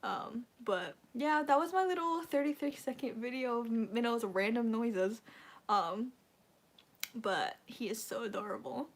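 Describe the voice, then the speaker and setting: A young woman chats on a casual fan livestream in a somewhat high, unhurried voice. She rambles and gushes, full of fillers, emotional and on the verge of tears.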